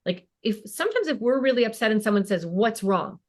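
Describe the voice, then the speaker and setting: A woman's voice: a little high, expressive, fast, a little mellow. A woman in her fifties, a child and family therapist, talking casually as a podcast guest and acting out bits of parent and teen dialogue.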